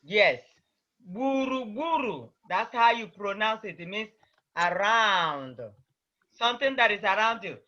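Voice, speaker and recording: A high, bright male voice moves at an unhurried pace, with each word repeated carefully as he teaches. The sound arrives muffled and lo-fi over a video call, as a patient language teacher leads an online class. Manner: patient, repeats words slowly for students to copy.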